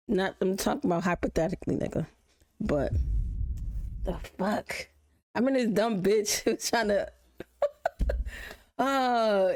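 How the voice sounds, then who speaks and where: A woman live-streaming a reaction video, chatting casually and telling stories, swearing freely. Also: medium pitch. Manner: profane, animated storytelling with laughs.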